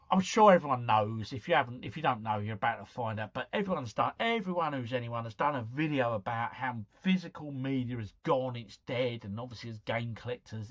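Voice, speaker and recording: A man's voice: mid-range voice, a bit bright, muffled recording. A man hosting a casual live stream, chatting to viewers, reading out quiz scores and breaking into bits of song.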